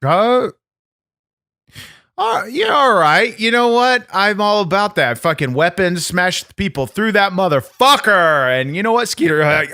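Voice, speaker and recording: A man playing a brash, foul-mouthed backyard wrestling champion who hosts a comedy podcast and boasts loudly. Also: fairly high pitch, no room sound, clean studio sound. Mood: hyped. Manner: boastful, profane, blustering. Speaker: podcast host. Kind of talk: comedy podcast character bit.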